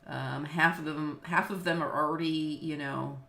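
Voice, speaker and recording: Chatting casually over a video call, this middle-aged business law teacher from Los Angeles, United States, fills her speech with fillers and easy laughter. Her voice is low, steady, creaky, pushed and bright, moving at a moderate pace. It was recorded in an echoey room.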